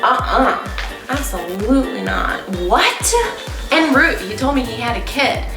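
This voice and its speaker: Woman vlogger, fairly high voice, joking and sarcastic, reads stories aloud; roomy echo, music underneath. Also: animated, vocal fry. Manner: playful, sarcastic, quick to laugh. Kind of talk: casual vlog, reading stories aloud.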